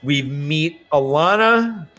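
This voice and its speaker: A man's voice: on the high side, animated, slow pace, bright, forceful tone, faint music behind. A man hosting a casual book discussion show, recapping chapters in a joking, rambling way and swearing casually. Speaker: podcast host summarizing chapters.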